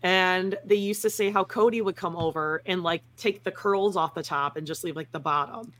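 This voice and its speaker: A woman's voice: lowish voice, normal speed, fairly bright tone. A woman co-hosting a reality TV recap, tossing in dry, grossed-out asides. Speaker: co-host of a TV recap show. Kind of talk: casual snarky recap chat.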